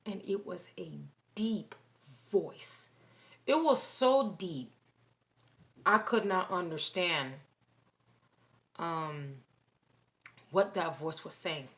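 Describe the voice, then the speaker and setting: A woman recounting a dream in casual spoken testimony, halting and repeating phrases with many restarts. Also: on the low side, fairly bright tone.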